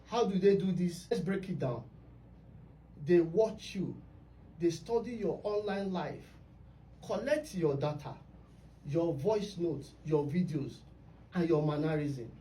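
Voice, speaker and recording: Her voice is deep and dark, slow, with long pauses yet lively intonation. She's a radio talk show host telling stories emphatically in the studio, captured by a faraway mic with faint noise.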